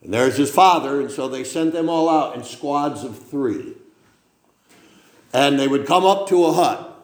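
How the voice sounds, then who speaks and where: A man's voice: medium pitch, a little slow. Man telling a war story in an echoey room. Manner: dramatic storytelling with sudden loud and hushed swings. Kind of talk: storytelling sermon.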